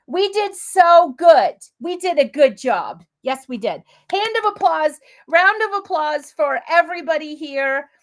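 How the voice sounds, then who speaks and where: A woman hosting a live crafting demo, chatty and gushing, talking straight to her viewers as she works. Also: sits high. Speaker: crafting livestream host.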